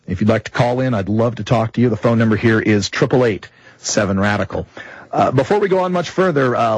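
A man's voice: medium pitch, husky, dry recording, poor audio. A man hosting a talk radio show, telling a story to listeners in a rambling, chatty way that corrects itself as he goes. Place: radio studio.

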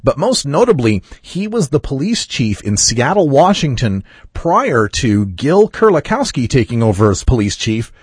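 Male podcast host, husky, animated delivery, dry close sound, wry casual chat. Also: medium pitch, normal speed, no echo. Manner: lively, wry, chatty delivery.

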